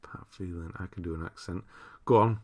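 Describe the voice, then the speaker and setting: A man with a deep, low voice hosts a casual live stream. He rambles easily, reads out viewers' messages and breaks into laughter often. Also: brisk. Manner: relaxed, rambling, reads chat aloud with frequent laughs. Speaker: streamer host.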